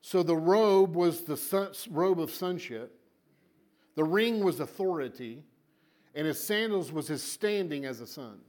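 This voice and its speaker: A male preacher with a fairly high voice tells a story to a congregation. He repeats words for emphasis and moves between booming lines and quiet asides. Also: lively intonation, unhurried. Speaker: pastor. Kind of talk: sermon.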